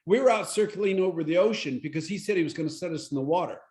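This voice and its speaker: A man with a notably high voice tells his testimony to a Bible study group. He tells it in an animated way and acts out what people said. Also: fast talker. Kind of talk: storytelling testimony.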